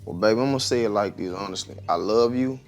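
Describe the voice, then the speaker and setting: A man's voice: fairly low pitch, quick pace, soft background music. A man chatting casually in an easygoing, affectionate way. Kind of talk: casual chat.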